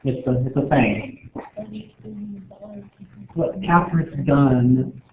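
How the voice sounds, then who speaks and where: A man's voice: medium pitch, very slow, slight background noise. A man teaching a chemistry class in a casual, joking way, rambling with lots of filler words. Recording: echoey room over a tinny, phone-like line.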